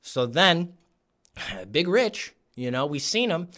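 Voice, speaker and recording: A man hosting a podcast, telling a story in casual chat, animated and laughing often, acting out the voices of people he quotes. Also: fairly high pitch, slow. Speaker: podcast host. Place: podcast studio.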